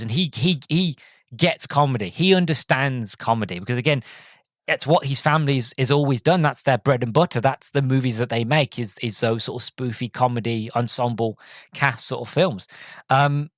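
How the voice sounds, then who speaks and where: A man's voice: mid-range voice, fairly bright tone, dry recording. A man hosting a podcast, giving a casual, enthusiastic movie review full of fillers and restarts. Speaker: podcast host.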